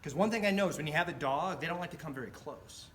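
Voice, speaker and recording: Brief: middle-aged male storyteller, fairly high bright voice, animated delivery, faint room noise. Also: fast talker. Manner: animated, acts out quoted voices. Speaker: club speaker. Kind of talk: storytelling speech.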